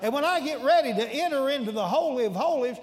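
A man preaching a sermon in a church, telling stories in a folksy, animated way with sudden shouts. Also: very high-pitched, fast talker. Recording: long reverb in a large hall.

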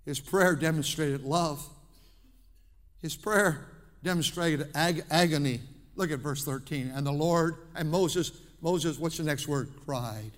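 A man preaching a sermon as pastor in a church, impassioned, swinging between hushed and shouting. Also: a little high, measured pace, in a large hall. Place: church sanctuary.

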